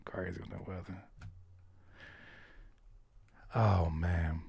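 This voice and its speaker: A man's voice: deep voice, little pitch movement, moderate pace, creaky, darkish tone, slightly rough. A man hosting a live stream, chatting casually and talking straight to his viewers. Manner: laid-back, talks to chat directly. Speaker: host.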